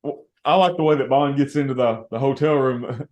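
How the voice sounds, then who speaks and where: A man hosting a podcast in a relaxed, rambling, casual chat. His voice sits in the middle range and carries a noticeable roomy echo. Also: mid-range voice, normal speed, muffled recording. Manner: relaxed, rambling, laughs often. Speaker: podcast host. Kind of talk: casual film discussion.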